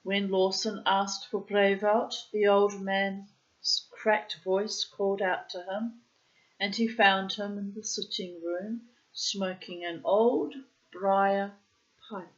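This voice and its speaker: Slow, measured woman reading a story. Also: medium pitch, level tone, muffled recording. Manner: measured, unhurried storytelling with quoted dialogue. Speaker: reader. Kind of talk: audiobook narration of a short story.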